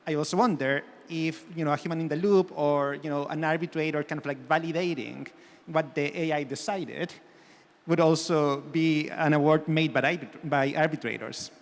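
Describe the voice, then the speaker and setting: A man's voice: fairly high pitch, steady tone, normal speed. A man speaking as a panelist in a panel discussion, hedging often with fillers and restarts. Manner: hedging, many "you know" fillers. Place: conference hall. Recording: long hall reverb.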